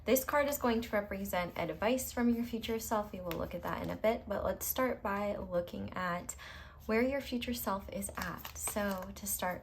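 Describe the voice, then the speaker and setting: A woman's voice: mid-range voice, moderate pace, noisy background. A woman tarot reader speaking straight to her viewers in a pick-a-card reading, reassuring and affirming.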